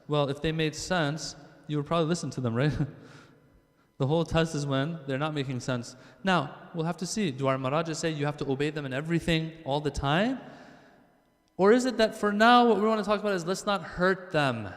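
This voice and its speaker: A man giving a conversational sermon to a congregation in a lively, joking way, speaking straight to his listeners. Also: a little high, brisk. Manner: lively, joking, addresses the crowd directly. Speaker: religious speaker. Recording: long hall reverb.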